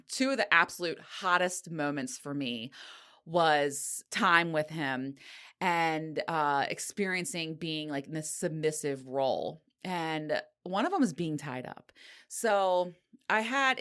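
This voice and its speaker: A woman's voice: sits low, animated, measured pace, fairly bright tone. A middle-aged woman hosting her own podcast, talking frankly and breathlessly in a candid solo monologue, often laughing and sighing. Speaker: podcast host.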